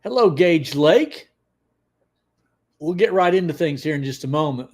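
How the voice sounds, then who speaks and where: Male livestream host, slightly high voice, casual, excitable, greets chat by name. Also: a little slow.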